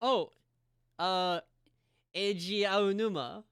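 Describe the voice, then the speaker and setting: A man hosting his live stream in casual chat, agreeable and quick to laugh at himself. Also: high-pitched, a bit bright, smooth, no room sound, clean studio sound. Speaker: streamer host.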